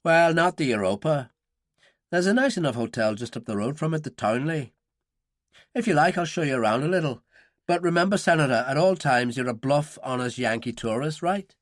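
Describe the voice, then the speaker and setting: A man voicing a dry, wry middle-aged ex-gunman, a little higher than his own voice. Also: animated, a little fast, dry recording, close to an everyday voice.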